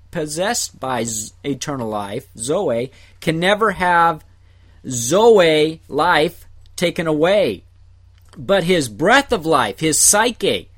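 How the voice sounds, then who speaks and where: Guy slowly walking through greek words in a bible verse, kinda high voice, takes his time. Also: fairly bright tone. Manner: deliberate, explanatory, breaks into short phrases. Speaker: Bible teacher. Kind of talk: slow verse-by-verse Greek word study.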